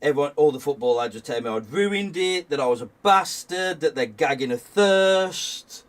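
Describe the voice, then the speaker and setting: A man's voice: a little high, expressive, normal speed, distant mic. A young man, a guest on a game stream, telling a story in casual chat, rambling with restarts and laughing often.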